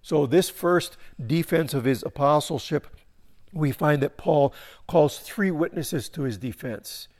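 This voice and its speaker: A male pastor delivers a sermon in a fairly high voice. He stumbles and repeats words as he builds his points, pushing up into emphatic stretches and then sinking to soft, low phrase endings. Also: unhurried.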